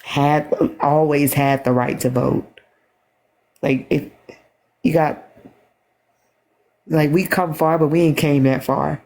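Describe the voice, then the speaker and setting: A tired woman talking on a phone livestream, halting and repeating herself as she speaks with emotion. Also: low voice, steady tone, a little mellow. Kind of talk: emotional casual livestream talk.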